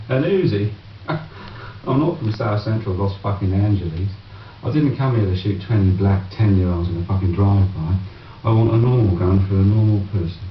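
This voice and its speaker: Cockney gangster boss, played by a man, menacing, profane, very low voice, echoey dull film audio. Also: normal speed, slight background noise, close to an everyday voice. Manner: sneering, blunt, profane. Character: foul-mouthed menacing London gangster boss.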